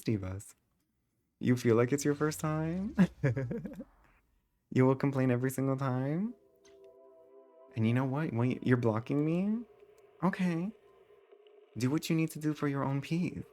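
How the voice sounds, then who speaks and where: A man streaming a game live, talking back to his chat in a sassy, theatrical way, his voice leaping high when he exclaims. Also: sing-song, unhurried, pauses often, warm tone.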